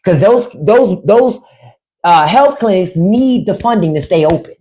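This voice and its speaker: A woman speaks straight to her livestream viewers in an unscripted, blunt rant. Her pitch sits mid-range but swings expressively up and down. She is sarcastic and profane, and she hammers home her points by saying them twice. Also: expressive, measured pace, mellow. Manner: repeats phrases for emphasis. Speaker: livestream host.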